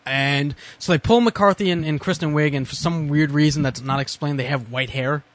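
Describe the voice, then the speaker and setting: Sardonic, profane male podcast co-host, rambling review chat, slightly high voice. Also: moderate pace, no echo. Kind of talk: casual movie review chat.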